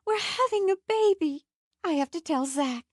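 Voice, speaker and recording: In this audiobook, a woman reads as a young woman who has just learned she is pregnant, her voice jumping high and quick with thrilled disbelief. The sound is dry and close, with the lively swoops of a storyteller. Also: husky, no room sound, exaggerated voice. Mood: elated. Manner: excited, rising high and fast.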